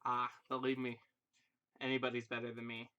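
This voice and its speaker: A young Irish man hosts a casual livestream, rambling and cracking self-deprecating jokes as he chats with viewers. His medium-pitched voice is completely flat yet bright, forceful, clear and resonant, moving at a normal speed. The recording itself sounds muffled.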